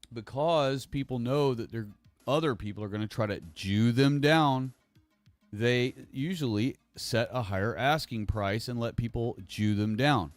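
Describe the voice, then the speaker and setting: A man hosting a casual livestream monologue, rambling and halting and repeating himself. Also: mid-range voice, dry recording. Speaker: livestream host.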